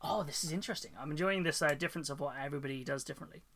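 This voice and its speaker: A British man talking casually to his live-stream audience. His voice is bright and sits a little high. He rambles cheerfully and laughs often. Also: racing. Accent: British English. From United Kingdom. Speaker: Twitch streamer painting miniatures.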